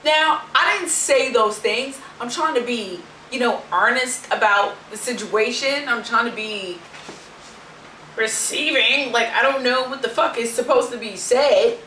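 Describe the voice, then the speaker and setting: A woman's voice: on the high side, unhurried, sharp tone, reverberant, recorded from a distance, slight background noise, low-quality recording. A young woman vlogger telling a story in a brash, sassy, profane rant.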